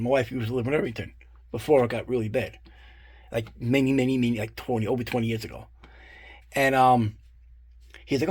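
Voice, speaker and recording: A man's voice: mid-range voice, fairly quick, long pauses, slightly rough. A middle-aged man, rambling casually and swearing freely as he shows off his collection. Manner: rambling, profane, full of fillers and asides. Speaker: collector showing his guitar picks. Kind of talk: casual show-and-tell storytelling.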